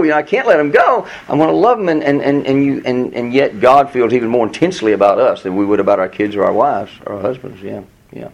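The recording is low quality, and the man's voice is a little mellow as he works verse by verse through a book of the Bible for a class. Earnest and emphatic, he reads passages aloud, explains them, and climbs in pitch whenever he quotes a plea.

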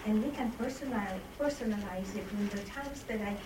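A woman in a Bible class sharing a heartfelt, halting reflection on a passage, repeating her phrases as she goes. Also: mid-range voice, a little mellow, slight background noise, poor audio. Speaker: class participant.

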